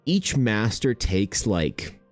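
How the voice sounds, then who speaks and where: A young man streaming casually, excitable and thinking aloud, swearing freely as he chats. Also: on the low side, slow pace, no room sound, faint music behind. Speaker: art streamer. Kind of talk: casual livestream chat.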